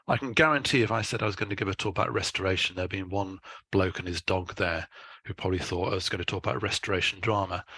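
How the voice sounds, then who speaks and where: A man giving a conference talk as a scientist, explaining in a measured way with dry asides. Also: on the low side, sharp tone, no room sound.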